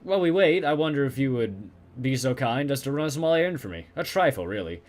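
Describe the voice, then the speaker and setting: Man voicing a courteous, scheming café owner in a game, formal, accented, lively pitch. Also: fast, close to an everyday voice. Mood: smooth persuasion. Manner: exaggerated formal, put-on Turkish-style accent. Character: male Turkish café owner, polite, scheming fixer.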